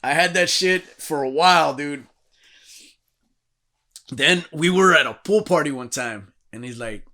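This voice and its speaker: A man's voice: fairly high pitch, a little slow, long pauses, bright, forceful tone. A man in his thirties, a podcast host, telling profane, rowdy stories in casual chat and acting out the quotes.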